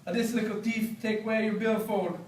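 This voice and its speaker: A man's voice: high voice, fairly even intonation, fairly quick, pitched above the performer's own voice, natural voice. Guy doing a big jolly jamaican taxi driver, hearty and chuckly, heard from a distance with faint hum behind. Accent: Jamaican patois. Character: jovial burly Jamaican male taxi driver. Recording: roomy, distant, faint background.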